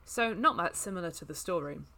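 A woman's voice: fairly low pitch, lively intonation, quick pace, pushed and bright, a little hiss or hum. A woman reading a novel aloud as a comedy bit, with laughing asides. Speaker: reader.

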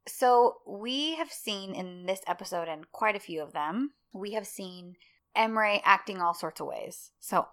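A woman co-hosting a relaxed podcast who talks at an unhurried pace. She is easygoing and keeps chiming in with short agreements while her co-host does most of the talking. Her pitch sits in a comfortable middle range. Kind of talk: casual chat.

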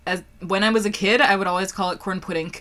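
A woman's voice: medium pitch, fairly even intonation, fast talker, bright, forceful tone. A woman co-hosting a podcast, telling profane, laugh-filled stories in casual chat. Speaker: podcast co-host.

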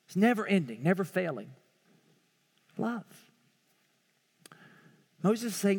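A male pastor preaching a sermon with impassioned swings from loud pleading to hushed tones. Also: sits high, big pitch swings, slow, gravelly, long pauses, breathy edge, long reverb tail.

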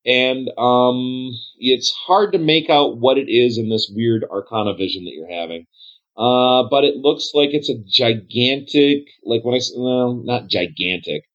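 A man narrating as game master in a tabletop role-play game, rambling and pausing to search for words. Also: mid-range voice. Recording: dull lo-fi sound.

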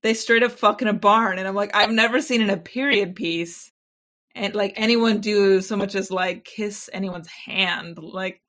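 A woman talking candidly about a period film. Her voice is bright and edged, at an ordinary pitch for a woman. She is blunt, laughs easily and swears without a second thought. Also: a little slow. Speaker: podcast co-host. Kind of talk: casual film review chat.

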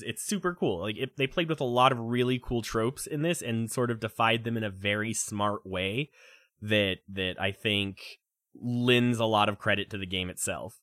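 A young man talks games in a loose, animated way, tripping over his words and laughing often. His voice is bright and pushed forward. The sound is dry and close. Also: lowish voice, no echo. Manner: animated, halting, lots of restarts and laughs. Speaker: game review podcast co-host. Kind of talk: casual chat.

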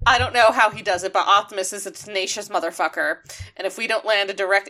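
A woman talking on a podcast in a loose, rambling way, full of "like" fillers and easy laughs. Her voice sounds bright and sharp at a middling pitch. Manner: chatty with many "like" fillers, laughs easily. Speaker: podcast co-host. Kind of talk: casual recap chat.

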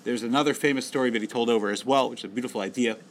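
A man giving a storytelling lecture as a Torah teacher, animated and repeating words when excited. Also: mid-range voice, rapid-fire, a little hiss or hum, low-quality recording.

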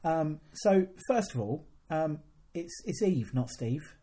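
Husky woman, lively low voice. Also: takes it slowly. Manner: teasing, lively, laughs often. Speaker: podcast co-host. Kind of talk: casual chat. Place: hotel room.

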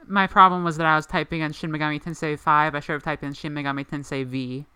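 A woman's voice: deep voice, little pitch movement, fast talker, bright, forceful tone, clean tone, no echo. A woman co-hosting a podcast in casual chat, rambling with lots of "like" fillers. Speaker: podcast co-host.

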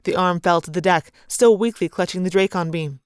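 A woman's voice: fairly low pitch, brisk, heavy background noise. A woman reading a sci-fi novel aloud in first person, narrating with dramatic, vivid storytelling. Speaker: audiobook narrator.

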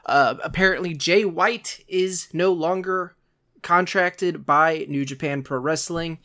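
A man's voice: a little high, takes it slowly, bright, forceful tone. A man co-hosting a podcast, chatting casually and rambling with lots of asides. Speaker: podcast co-host. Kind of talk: casual chat.

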